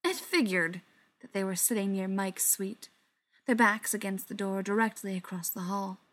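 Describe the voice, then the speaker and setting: A woman narrating a novel aloud, steady and dramatic, dropping to a hush in quieter passages. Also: medium pitch, normal speed. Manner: steady, dramatic reading with soft, hushed passages. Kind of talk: audiobook narration.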